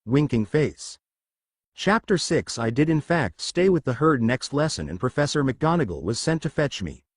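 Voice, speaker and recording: A man narrating a humorous fan fiction story in a lively reading voice. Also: medium pitch, normal speed, dry recording, studio quality.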